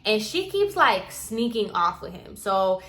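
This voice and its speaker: A woman's voice: mid-range voice, measured pace. A young woman telling a story in a casual, chatty way, filling it with "like" and acting it out. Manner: chatty, says "like" constantly, animated retelling. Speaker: vlogger.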